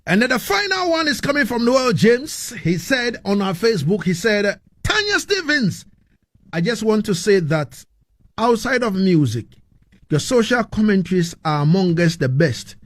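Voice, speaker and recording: A man hosts a radio interview in a high, lifted voice with a dry, close sound. He is effusive with praise and repeats words as he searches for the next thought. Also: animated, moderate pace, dry recording. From Ghana. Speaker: radio show host.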